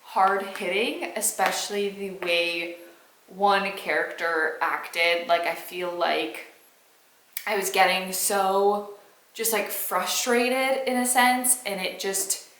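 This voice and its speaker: A woman's voice: medium pitch, fairly even intonation, takes it slowly, a bit bright, a little hiss or hum. A young woman in her twenties chatting through a casual reading vlog, blunt and openly irritated. She swears without a second thought and speaks in an ordinary middle register. The room around her adds a noticeable echo. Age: 20s. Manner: frank, exasperated, swears casually. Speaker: book vlogger.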